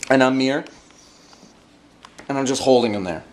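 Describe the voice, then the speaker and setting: A man giving an animated, slangy, jokey recap of fight events in a casual vlog. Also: medium pitch, normal speed, roomy sound. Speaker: vlogger reviewing fight events.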